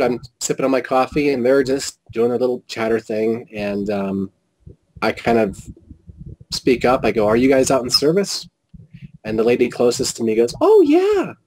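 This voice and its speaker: A man telling a personal story as an interview guest, animated and quoting whole conversations with frequent restarts. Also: mid-range voice, rough recording. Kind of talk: casual storytelling.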